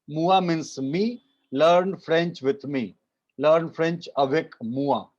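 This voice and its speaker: A man with an Indian accent teaching French in an online class, repeating each phrase slowly and mixing English with Hindi. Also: on the high side, a little mellow. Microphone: video call. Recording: muffled video call audio.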